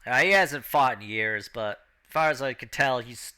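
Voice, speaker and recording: A man narrating as game master of a tabletop game, acting out the crowd and announcer in an animated way. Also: mid-range voice, normal speed, clean tone.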